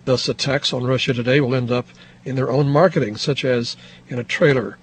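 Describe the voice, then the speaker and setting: A man reads a radio news roundup with a steady, scripted delivery, rattling off frequencies and times. His voice sits at an ordinary middle pitch, and a faint hiss runs underneath. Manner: measured, reads frequencies and quoted listener reports. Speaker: shortwave radio news host.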